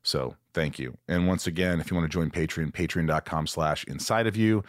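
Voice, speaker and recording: A man's voice: a bass voice, brisk, dry recording, studio quality. A man hosting a podcast in casual chat, an effusive, enthusiastic storyteller. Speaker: podcast host.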